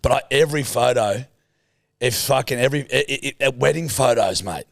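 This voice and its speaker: A man's voice: mid-range voice, a little fast, vocal fry, a bit bright, no room sound, clean studio sound. A young Australian man co-hosting a podcast, teasing and swearing in crude banter. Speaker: podcast co-host. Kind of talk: casual chat.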